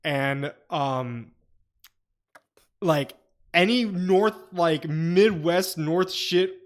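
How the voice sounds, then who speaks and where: Profane, fairly high-voiced male podcaster. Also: extremely slow. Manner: profane, animated storyteller. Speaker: podcast co-host. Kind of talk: casual chat.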